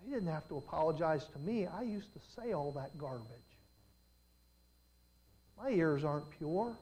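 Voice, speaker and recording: A pastor delivering a sermon in a mid-range voice, neither high nor low. The delivery swings between hushed, slow reflective passages and loud, climbing emphasis. Quoted people are acted out in lowered voices. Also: animated, low-quality recording. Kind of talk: preaching a sermon.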